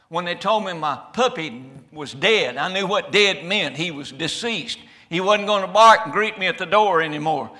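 A man preaching a fiery sermon, swinging from loud shouted climaxes to quiet, low passages. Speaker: pastor. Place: church sanctuary.

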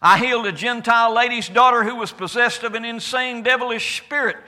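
A man preaching in the first person as Jesus, a calm and certain adult man, with a declamatory delivery whose loudness rises and falls. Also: very high voice, fairly quick, heavily acted. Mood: solemn. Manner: declamatory, rising and falling loudness. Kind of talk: first-person sermon monologue.

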